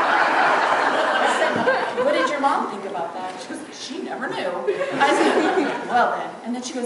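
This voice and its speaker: At a funeral in a big church, a woman eulogizes her grandmother with fond, comic anecdotes, laughing frequently through her tears. She's an adult granddaughter with a fairly high, lively voice at a normal pace. Picked up from a distance, the echoey recording is very noisy.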